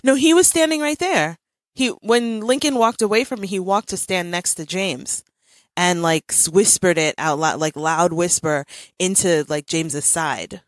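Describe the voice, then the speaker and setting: A woman's voice: fairly low pitch, moderate pace, dry recording. A woman in her thirties hosting a podcast, telling a family story in casual chat with lots of laughter. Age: 30s. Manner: animated storytelling with frequent laughs. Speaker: podcast host.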